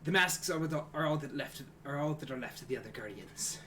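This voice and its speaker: A man's voice: a little high, fairly quick, pushed and bright, a little hiss or hum. Man doing an exhausted old guardian. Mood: weary, grave. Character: exhausted ancient male guardian.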